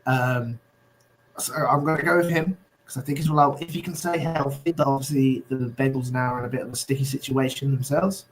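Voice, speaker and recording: A man co-hosting a sports podcast who talks in a measured way and lays out his reasoning. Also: mid-range voice, fairly even intonation, slight background noise, rough recording. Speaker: podcast co-host. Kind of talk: casual sports chat.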